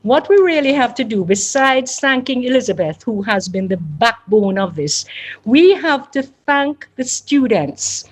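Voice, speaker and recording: A woman's voice: on the high side, animated, measured pace. Chatty woman giving thanks. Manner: chatty, self-deprecating, thankful. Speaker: guest speaker. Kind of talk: informal thank-you speech.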